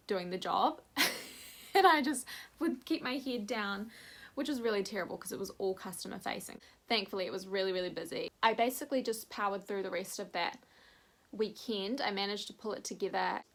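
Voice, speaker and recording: Young aussie woman chatting to camera, candid and animated, acts out what people said. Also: mid-range voice. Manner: candid, animated retelling with quoted voices. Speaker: vlogger. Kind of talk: casual storytelling chat.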